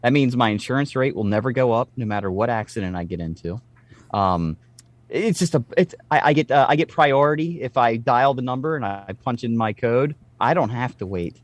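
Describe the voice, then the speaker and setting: A man in his late thirties telling stories in casual podcast chat, animated and swearing freely. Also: medium pitch, a little fast, dry recording.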